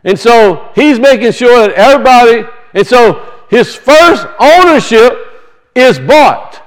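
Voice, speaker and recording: A man's voice: extremely high pitch, expressive, unhurried, poor audio. A man preaching a sermon, teaching through rhetorical questions and emphatic repetition.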